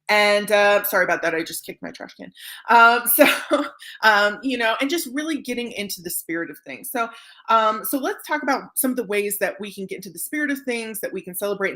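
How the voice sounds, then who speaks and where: A woman's voice: medium pitch, a bit bright. Chatty woman hosting a livestream. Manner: chatty, many fillers and tag questions. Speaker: dental staffing livestream host. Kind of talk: casual livestream talk.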